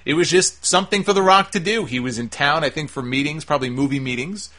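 A man's voice: a little high, quick pace, a bit bright. A man giving a casual, opinionated monologue reviewing a wrestling show, sarcastic and swearing freely.

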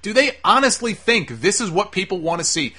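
A man's voice: sits high, very animated, brisk, pushed and bright, husky. A man giving a casual, opinionated monologue reviewing a wrestling show, sarcastic and swearing freely.

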